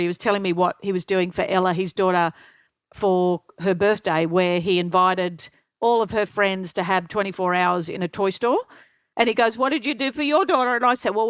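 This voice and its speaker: An older woman from Australia, a podcast guest telling lively anecdotes and acting out the voices of the people in them. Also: mid-range voice, dry recording. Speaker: interview guest. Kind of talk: storytelling interview.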